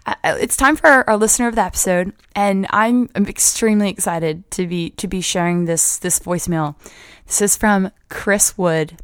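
A woman hosting a motivational podcast, earnest and upbeat, often repeating words as she gets excited. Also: medium pitch, moderate pace, clean tone, no room sound, clean studio sound. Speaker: podcast host.

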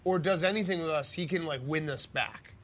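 A man's voice: on the high side, brisk, fairly bright tone. A man cohosting a sports talk show, teasing and swearing in casual banter. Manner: teasing, profane, pushy.

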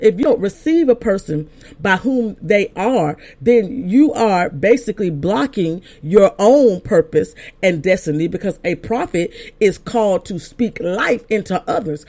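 A woman's voice: mid-range voice, animated, normal speed, darkish tone. An older woman preaches as an apostle, telling her own story in a loose, conversational way. She trips and restarts often, then rises into firm, emphatic declarations. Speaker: apostle and pastor. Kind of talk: sermon told as personal testimony.

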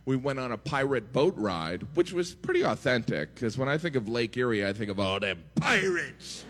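A man's voice: a little high, big-room sound, a little hiss or hum. A man performing a stand-up comedy routine with sarcastic, mock-cheerful delivery.

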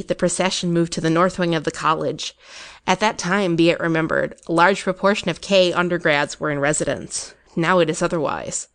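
A woman giving a measured, expressive audiobook reading of an old ghost story. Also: fairly low pitch, clear, resonant tone. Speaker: narrator.

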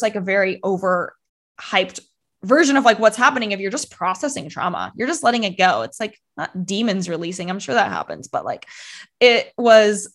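A young woman telling a personal story as a podcast guest, talking casually with many fillers and acting out her past thoughts. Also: mid-range voice.

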